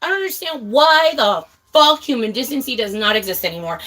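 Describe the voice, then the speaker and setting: A woman's voice: on the high side, expressive, brisk, bright, forceful tone. A young woman in her twenties chatting casually to her viewers in a blunt, heavily profane, emphatic way, often calling them girl. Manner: emphatic, ranting. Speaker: livestreamer.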